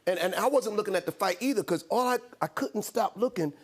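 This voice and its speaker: On a late-night talk show, a comedian guest in his fifties tells funny stories, playing the people in them with quoted voices and laughing as he goes. His voice is high-pitched, animated, and a little fast. The setting is a TV studio with a live audience.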